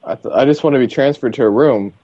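A man's voice: mid-range voice, quick pace, warm tone. A man on a phone call, confused and hesitant.

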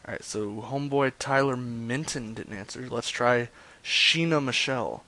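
A man's voice: mid-range voice, moderate pace, pushed and bright. A man hosting a stream of prank phone calls, talking in a crude, joking way and trailing off into mumbles. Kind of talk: casual rambling chat with prank calls.

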